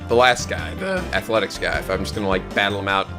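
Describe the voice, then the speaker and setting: A man giving casual, joking gameplay commentary, excitable and swearing often. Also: low-pitched, fast talker, over music. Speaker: video game let's player.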